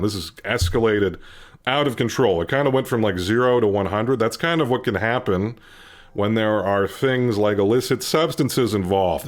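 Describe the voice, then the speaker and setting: A young man hosting a casual vlog, telling a story in an animated, swearing way and climbing loud when he quotes himself. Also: lowish voice. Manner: animated, profane, rising to near-shouting when quoting himself. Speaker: channel host.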